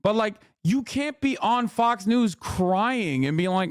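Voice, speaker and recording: A man's voice: high voice, animated, a little slow, few pauses, clean tone, dry recording, clean studio sound. A man in his thirties ranting on a live stream, crude, mocking and combative. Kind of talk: profane live-stream rant.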